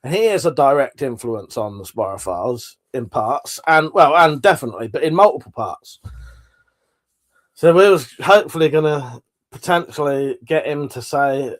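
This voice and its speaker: A chatty man with a fairly high voice hosts a casual livestream. He rambles as he reads out viewer comments and swears casually. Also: big pitch swings, normal speed, pauses often. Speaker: livestream host. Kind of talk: casual chat reading out live comments.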